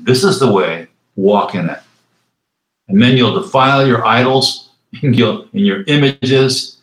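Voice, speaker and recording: A man's voice: medium pitch, a bit bright. Man preaching in a roomy echo. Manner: reads scripture slowly, then adds quick conversational asides. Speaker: pastor. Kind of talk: sermon.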